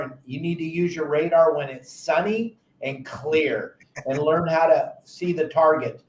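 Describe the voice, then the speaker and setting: A man with a fairly high voice hosts a fishing talk show and tells animated stories, often acting out frantic quotes. He gives casual advice, and his voice rings in a roomy, echoey space. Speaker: podcast host and fishing captain.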